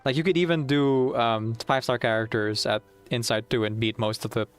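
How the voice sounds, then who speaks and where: A man chatting casually while playing through a game story, excitable and rambling with frequent giggles. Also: medium pitch, a little fast, clear, resonant tone, faint music behind. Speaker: game streamer. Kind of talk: casual gameplay commentary.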